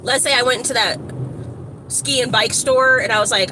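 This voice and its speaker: A woman from Evanston, Illinois, giving a casual, rambling motivational talk to her phone camera outdoors, slangy and animated with lots of asides. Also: on the high side, moderate pace. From Evanston, Illinois, USA. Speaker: motivational vlogger. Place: outdoors by a street with shops. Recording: outdoor traffic noise.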